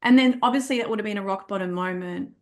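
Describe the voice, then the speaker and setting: A woman hosting a podcast, interviewing her guest and reacting with sympathy and quick affirmations. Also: medium pitch. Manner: sympathetic, with short frequent affirmations. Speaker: podcast host.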